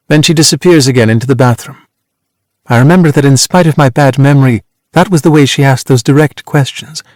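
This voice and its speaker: A man narrating an audiobook in the first person, with a measured, reflective delivery. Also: medium pitch, a little mellow, dry recording, clean studio sound. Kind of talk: scripted narration.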